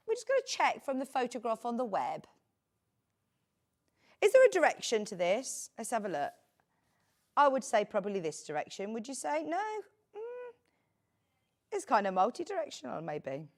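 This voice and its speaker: A middle-aged woman presenting on a shopping channel, chatting casually and drifting into friendly asides while selling fabric. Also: mid-range voice. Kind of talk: live TV sales chat.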